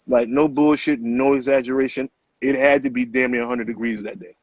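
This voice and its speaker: A middle-aged man speaks as an author guest, telling stories at a rapid clip in loose, profane street slang. His voice is husky. The sound is dry and muffled, with a lo-fi tone. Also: mid-range voice, steady tone, dry recording. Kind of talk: casual interview storytelling.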